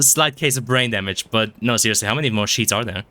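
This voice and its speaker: Bright-voiced rambling male streamer. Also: medium pitch, quick pace, few pauses. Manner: rambling, self-mocking, heavy swearing; stumbles and repeats words. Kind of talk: casual gameplay commentary. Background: game music.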